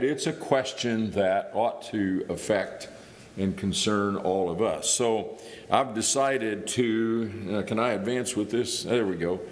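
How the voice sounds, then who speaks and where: A middle-aged man from Indiana giving a guest sermon in a church, talking it through in a conversational way with small restarts. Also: lowish voice. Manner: conversational, thinking aloud with restarts. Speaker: guest preacher. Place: church hall. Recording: reverberant church hall.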